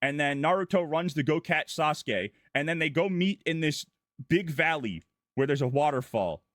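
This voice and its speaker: A man's voice: fairly high pitch, lively intonation, moderate pace, fairly bright tone, no echo, studio quality. A man streaming as a vtuber, goofily recapping a story in long run-on sentences. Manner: goofy, irreverent, breathless run-on storytelling. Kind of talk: casual rambling plot recap.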